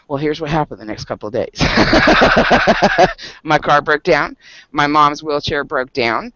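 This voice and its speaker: Lively storytelling man, dull dry sound. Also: a little high, measured pace, no room sound. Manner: animated storyteller, laughs often, many fillers. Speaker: book club member. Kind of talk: casual group discussion.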